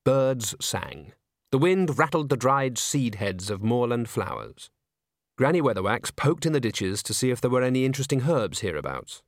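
Expressive male audiobook narrator. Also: medium pitch, normal speed, dry recording, studio quality. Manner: expressive storytelling. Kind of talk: scripted narration.

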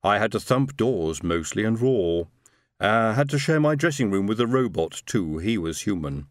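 A man's voice: on the low side, animated, normal speed, no room sound, studio quality, lightly acted. A man voicing a rambling, huge alien woman. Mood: chatty. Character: huge, chatty female alien, easygoing.

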